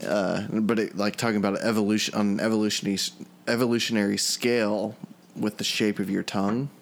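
A man's voice: on the low side, flat delivery, a little fast, creaky, slight background noise. A man on a casual podcast, hesitant and full of fillers as he tells a story. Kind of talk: casual chat.

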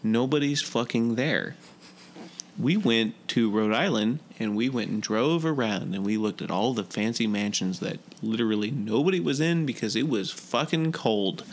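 Creaky-voiced man swearing through casual chat. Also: medium pitch, normal speed. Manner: rambling, swears often, restarts a lot. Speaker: podcast co-host.

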